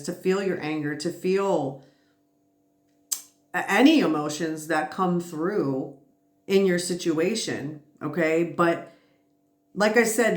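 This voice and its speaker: A tired woman giving a casual, reassuring spiritual tarot reading, chatty and quick to laugh. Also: on the low side. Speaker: tarot reader. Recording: roomy echo.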